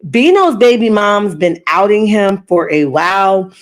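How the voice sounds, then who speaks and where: A woman's voice: mid-range voice, lively intonation, measured pace. A woman hosting a gossip channel, giving sassy, chatty commentary on reality TV drama. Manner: sassy, chatty asides with "okay?" and "child".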